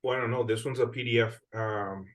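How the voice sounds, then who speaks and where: A man's voice: mid-range voice, steady tone, fairly quick, recorded from a distance. A man hosting a video call, playful and encouraging as he helps a presenter. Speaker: host of the call. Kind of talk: casual video-call chat.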